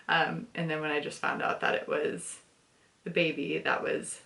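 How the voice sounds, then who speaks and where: A woman's voice: sits low, flat delivery, normal speed, gravelly, sharp tone. A young woman hosting a book club discussion, talking candidly and emotionally about a novel, often breaking into laughter. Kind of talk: casual book review.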